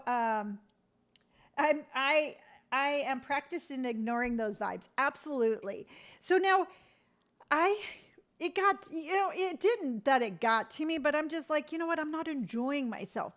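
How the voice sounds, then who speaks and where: A middle-aged woman with a somewhat high voice chats casually on a live stream. She tells loose, rambling stories full of fillers. She breaks off to answer viewer comments. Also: fairly bright tone. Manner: chatty, rambling storytelling with many fillers; reads viewer comments aloud and answers them. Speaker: lifestyle vlogger hosting a live stream.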